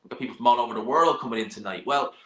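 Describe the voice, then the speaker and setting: A man's voice: mid-range voice, racing, a bit bright. A young man, hosting a casual live stream, reading viewer questions and chatting bluntly about boxing. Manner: chatty, blunt, sighs and laughs, swears now and then. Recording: echoey room.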